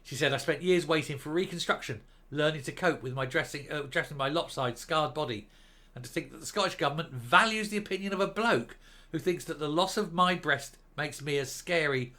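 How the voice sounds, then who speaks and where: Sarcastic ranting man, bright voice. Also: on the high side, brisk. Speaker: commentary vlogger. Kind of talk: opinionated commentary on a news article.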